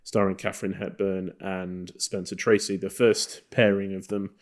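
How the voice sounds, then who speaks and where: Talking about old films on the podcast he co-hosts, this man has a low-sitting voice and a moderate pace. His review chat is casual and loose, meandering along with many filler words.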